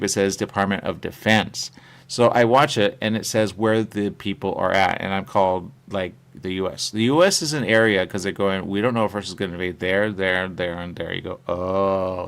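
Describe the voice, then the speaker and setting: A man's voice: fairly low pitch, gravelly, fairly bright tone. A man hosting a talk radio show, rambling casually and quoting people in little voices, often saying "there you go". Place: radio studio.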